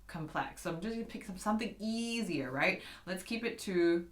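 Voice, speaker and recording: A woman's voice: fairly low pitch, animated, moderate pace, very noisy. A woman giving a casual piano lesson, chatting with viewers as guys and scatting rhythms aloud. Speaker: piano teacher. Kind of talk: casual online keyboard lesson. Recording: echoey room with piano.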